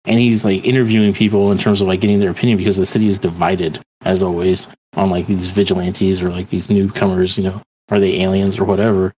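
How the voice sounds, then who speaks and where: A man's voice: low-pitched, level tone, quick pace, few pauses, a little mellow, a little hiss or hum. A man co-hosting a podcast, chatting loosely and profanely, retelling scenes with a laugh. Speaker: podcast co-host. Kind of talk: casual chat.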